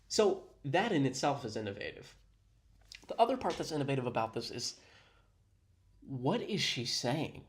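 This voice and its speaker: A man's voice: mid-range voice, sing-song, moderate pace, long pauses. A man hosting a reaction video, giving sarcastic, mock-admiring commentary.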